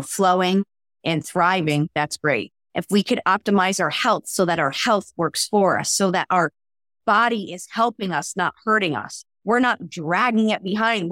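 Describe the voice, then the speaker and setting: Animated woman coach, dry close sound. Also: on the low side, dry recording. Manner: animated, acts out quoted voices. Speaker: mental skills coach. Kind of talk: casual interview talk.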